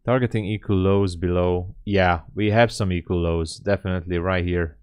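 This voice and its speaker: This day trader streams his trades live, thinking aloud in muttered, joking self-talk with sighs and fillers. He has a low, darkish, clean-toned voice, fairly even in intonation and moderate in pace.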